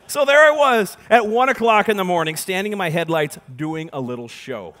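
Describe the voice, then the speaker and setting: A man, an animated storyteller giving a keynote talk, swinging from hushed to loud as he acts out the voices. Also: high-pitched, normal speed, few pauses. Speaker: keynote speaker and magician. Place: large conference hall. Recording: reverberant conference hall.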